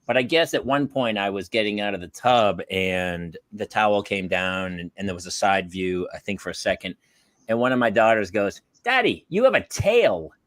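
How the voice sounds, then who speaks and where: A man's voice: lowish voice, fairly even intonation, moderate pace, a bit bright, no room sound. A man hosting a casual talk show, telling stories in an emphatic way. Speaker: host. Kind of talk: casual chat, storytelling.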